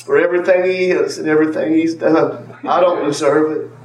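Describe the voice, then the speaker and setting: A man's voice: fairly high pitch, steady tone, brisk, a little mellow. A man giving an earnest church testimony, repeating phrases and calling on members of the congregation by name. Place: church sanctuary. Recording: echoey church from far off with faint ambience.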